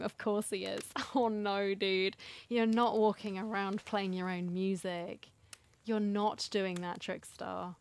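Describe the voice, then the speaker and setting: A woman's voice: mid-range voice, a little hiss or hum. A woman streamer reading a dating sim story aloud, with dramatic storytelling and wry asides. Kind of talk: reading game text aloud with commentary.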